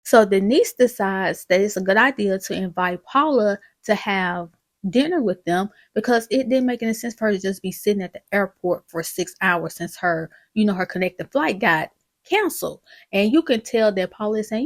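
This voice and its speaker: A woman hosting a casual recap, retelling a sitcom episode and acting out the characters' lines in an animated way. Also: medium pitch, moderate pace, dry recording. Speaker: recap video host.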